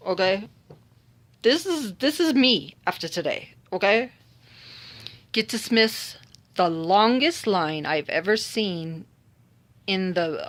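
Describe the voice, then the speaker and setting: A woman's voice: medium pitch, takes it slowly, long pauses. A woman telling a story from her own day in a casual monologue, wry and exasperated, acting out the people she met. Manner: animated, dramatic retelling with voiced quotes.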